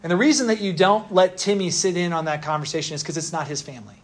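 Speaking quickly in a high voice, this young man gives a conversational sermon to an audience in a room. As a pastor, he keeps asking his listeners rhetorical questions.

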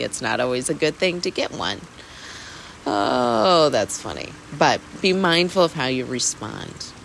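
Chill mindfulness vlogger, mid pitch, talks candid and loose with some swearing, soft rain noise. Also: gravelly, low-quality recording. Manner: candid, laughing, swears casually. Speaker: weekly mindfulness host. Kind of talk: casual reflective self-help talk.

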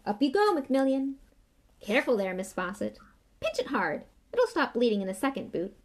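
A woman's voice: high-pitched, big pitch swings, moderate pace, voice pushed up. A woman voicing a vain, flamboyant male wizard teacher who fusses and shows off in a storybook reading. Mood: fussy.

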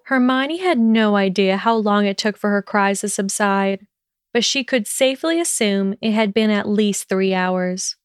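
Woman, story narrator, steady even delivery, smooth resonant voice, dry close recording. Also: medium pitch, a little slow, no echo, faint music behind. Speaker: audiobook narrator. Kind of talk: scripted narration of fan fiction.

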